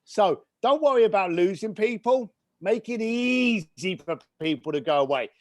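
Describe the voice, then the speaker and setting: Brief: British male guest, middle-aged, bursting with enthusiasm, high and sing-song delivery. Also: animated, normal speed, no echo. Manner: enthusiastic, emphatic, quirky. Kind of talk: conversational business advice.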